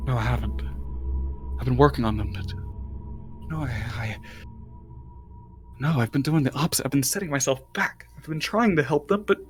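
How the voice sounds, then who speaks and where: Man voicing a hushed, halting, half-mad woman. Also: medium pitch, soft background music, lightly acted. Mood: worried. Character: frail, fractured-minded woman who works with stone.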